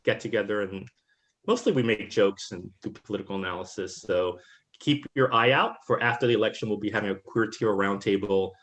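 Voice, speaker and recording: A man's voice: fairly low pitch, a little fast, fairly bright tone. A man from Puerto Rico, speaking as a guest on a webinar, reflective and conversational, often checking in with "right?". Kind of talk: webinar talk. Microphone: video call.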